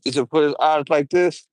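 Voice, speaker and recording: A young man streaming from his garage, chatting casually and excitably in slang, often breaking into impressions and humming. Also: on the high side, normal speed, no echo.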